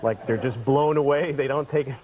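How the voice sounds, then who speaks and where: A man's voice: medium pitch, a little fast, darkish tone, poor audio. A man doing stand-up comedy, telling stories and acting out other characters in quoted voices, often laughing through his lines. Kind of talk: stand-up and talk-show storytelling.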